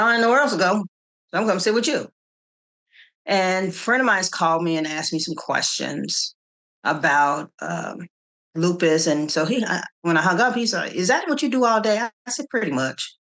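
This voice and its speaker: A middle-aged woman from the Kansas City area, telling her story in an interview with animated quoted dialogue and frequent restarts. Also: on the low side. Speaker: interview guest, nonprofit founder.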